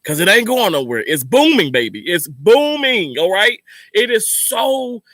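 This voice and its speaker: A man's voice: high voice, very animated, a little slow, a bit bright, dry recording. A man hosting his channel in casual live talk to viewers, emphatic and motivational, repeating his points. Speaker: channel host.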